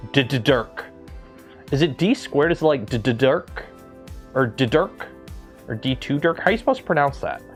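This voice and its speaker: A man from Canada hosting a livestream, talking casually and rambling with lots of ums and restarts. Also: on the high side. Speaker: livestream host.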